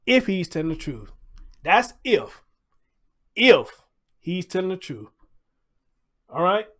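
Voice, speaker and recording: A man's voice: high-pitched, big pitch swings, slow pace, fairly bright tone. A man hosting a livestream, talking loosely in casual commentary, repeating his points and greeting viewers in the chat.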